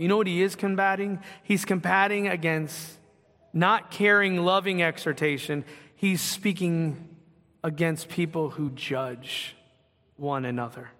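A man preaches in an earnest, conversational way, circling back on his phrases to press a point. His voice sits high and bright. It rings out with the long reverb of a church sanctuary. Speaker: pastor. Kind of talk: sermon.

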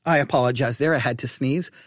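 A man teaching an informal online Bible study, earnest and repetitive, slowing down to repeat key references. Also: medium pitch, no room sound, studio quality. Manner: repetitive, earnest, restarts and emphatic slow repeats.

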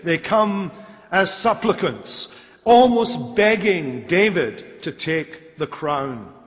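A man's voice: high-pitched, lively intonation, slow. A male pastor preaching an expository sermon, emphatic and repeating key phrases for stress. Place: church sanctuary. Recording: dull lo-fi sermon recording with long church reverb.

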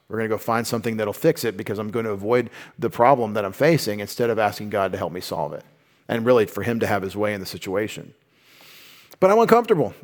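Man, bible teacher, casual conversational delivery, mid-pitched voice, asides and restarts. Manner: informal and explanatory, with asides and restarts.

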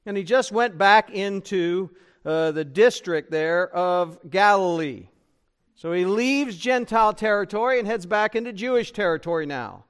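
A man's voice: high voice, lively intonation, measured pace, clear, resonant tone. A man preaching a sermon as pastor, conversational and full of rhetorical questions to the congregation. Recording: church broadcast recording.

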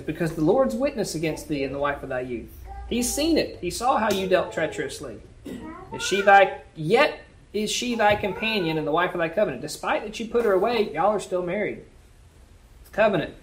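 A man's voice: sits high, slight background noise. A man leading a Bible study, reading scripture aloud and then explaining it in plain, casual words.

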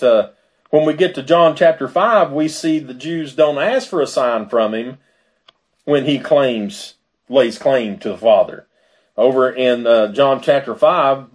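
A man's voice: medium pitch, darkish tone. A man preaching a sermon in a conversational way, with fillers and asides. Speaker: pastor.

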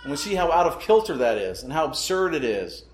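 Male pastor, slightly high voice, emphatic sermon delivery, echoey room. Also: very animated, a little fast, a little hiss or hum. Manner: emphatic, asks rhetorical questions.

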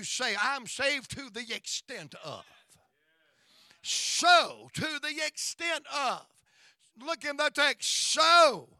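Man, middle-aged revival preacher, high bright voice, slow rhythmic delivery, call-and-response. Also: dry recording, clean studio sound. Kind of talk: revival sermon. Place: church.

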